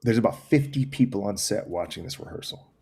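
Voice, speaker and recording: A man's voice: fairly low pitch, lively intonation, a little fast, creaky, darkish tone, breathy edge. A man in his forties from Texas, a guest on a podcast, telling a story and acting out other people's lines, repeating phrases for emphasis. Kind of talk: casual storytelling chat.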